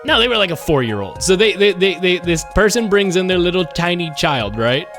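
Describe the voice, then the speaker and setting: A man in his twenties talks through a game on a livestream in a high, animated voice. He rambles and ranges off topic, quick to rant when something annoys him. Quiet music plays underneath. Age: 20s. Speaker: streamer. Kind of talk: casual livestream commentary while gaming.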